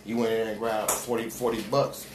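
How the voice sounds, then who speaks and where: Fairly low in pitch and even in tone, this man rambles through a lengthy story in casual talk, heavy on street slang, playing out the quoted lines himself. Frequent fillers and restarts make him sound halting. It was captured in an echoey room with background noise.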